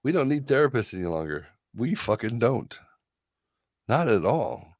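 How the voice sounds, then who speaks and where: A man's voice: mid-range voice, sing-song, normal speed, no room sound, clean studio sound. A man hosting a live stream, reacting to results with profane, incredulous, theatrical commentary. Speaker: streamer host.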